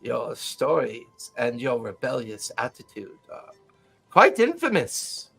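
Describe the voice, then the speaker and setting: A man voicing a gentle, courteous elderly male mystic in a tabletop game. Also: medium pitch, huge pitch swings, gravelly, breathy edge, faint music behind, voice pushed down, heavily acted. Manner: courteous, unhurried, gently mocking.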